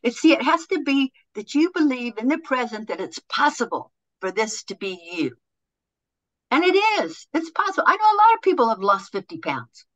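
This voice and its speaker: A woman guest on a podcast, a motivational speaker and author, telling stories in an animated way and acting out quoted voices. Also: on the high side, a little fast, hardly any pauses, highs cut off. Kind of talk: conversational podcast interview.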